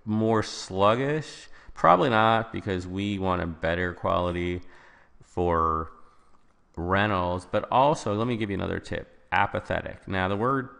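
A man's voice: low voice, measured pace, vocal fry, fairly bright tone, big-room sound. A man explaining vocabulary answers as a test-prep tutor, informal and thinking aloud with small restarts.

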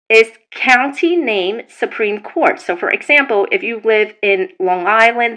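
A young woman from New York talks directly to her audience in a casual, conversational commentary. Her voice sits in a middle pitch, and she explains patiently, circling back to make her points clear. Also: a bit bright, low-quality recording. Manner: chatty, addresses viewers directly, explains at length. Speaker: commentary vlogger.

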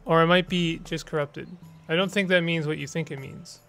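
A man's voice: fairly high pitch, steady tone, a little fast, a bit bright, soft background music. A man giving casual let's play commentary with joking, sarcastic asides. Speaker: gaming streamer.

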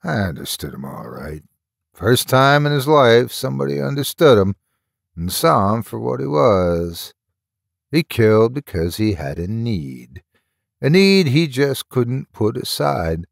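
Guy reading a creepy story real slow, gravelly voice, bouncy pitch, dry close mic. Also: very animated, no room sound. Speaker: horror story narrator. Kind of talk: scripted horror narration.

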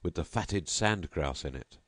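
A man's voice: low voice, lively intonation, a little slow, a bit bright, no echo, clean studio sound, full character voice. A man voicing a lavish, mocking nobleman host who presses his guest with grand, insistent hospitality. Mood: grandly insistent.

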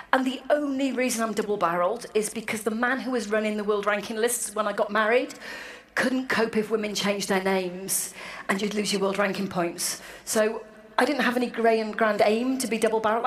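Woman telling wry stories in an echoey hall. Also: mid-range voice. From Wales. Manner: wry, self-deprecating storytelling. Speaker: speaker at an annual meeting. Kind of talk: anecdotal speech. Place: large hall, to an audience. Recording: echoey hall with faint room noise.

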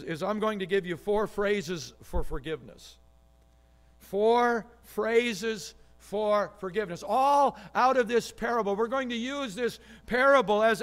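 A man's voice: high voice, a bit bright. A man preaching a sermon as pastor, reading scripture aloud with emphasis and often repeating words.

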